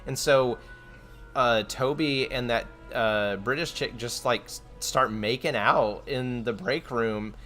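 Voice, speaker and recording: A man's voice: mid-range voice, slow pace, fairly bright tone, faint music behind. A young man streaming, chatting casually and rambling with frequent fillers, restarts and laughs. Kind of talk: casual chat.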